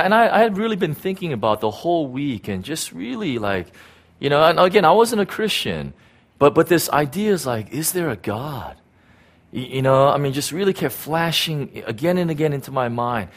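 Man preaching a conversational sermon. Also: fairly high pitch. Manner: storytelling, conversational, many fillers and restarts. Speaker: pastor.

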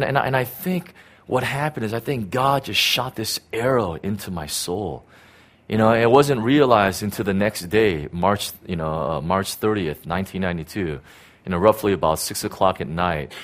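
A middle-aged man, a pastor, telling a personal story in a casual, rambling sermon with many fillers and restarts. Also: low voice.

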